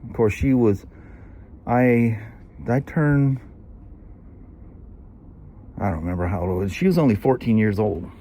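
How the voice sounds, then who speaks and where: A man's voice: fairly low pitch, animated, measured pace, long pauses, warm tone, dull audio. A man in his sixties with a Southern US accent, telling a long, rambling story in casual vlog chat, full of "you know" and "anyway". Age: 60s. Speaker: vlogger.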